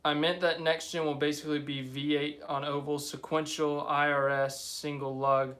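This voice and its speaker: A man's voice: on the high side, little pitch movement, normal speed, a bit bright. A young man hosting a live stream, chatting casually and rambling as he reads viewer comments aloud. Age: young adult.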